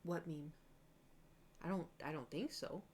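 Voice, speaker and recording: A woman's voice: low-pitched, unhurried, a little hiss or hum. A young woman streamer chatting casually while she paints, telling rambling stories and acting out her own past reactions. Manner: rambling, animated storytelling, quotes herself with exclamations.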